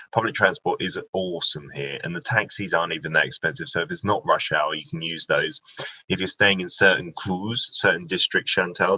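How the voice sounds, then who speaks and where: A young British man with a low voice hosts a relaxed live-stream Q&A from home, talking into his laptop webcam mic. His tone is bright and forceful as he reads out viewer comments and chats. Every so often he breaks off into a small aside to himself. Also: poor audio. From Britain. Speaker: live-stream host and radio presenter. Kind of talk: casual live-stream Q&A chat.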